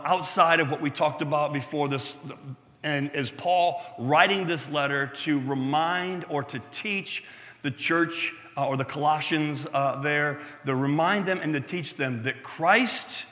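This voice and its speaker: A man's voice: a little high, bright, forceful tone, in a large hall. A man preaching as a pastor, talking conversationally with frequent "right?" checks to the room and small self-deprecating asides. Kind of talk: sermon.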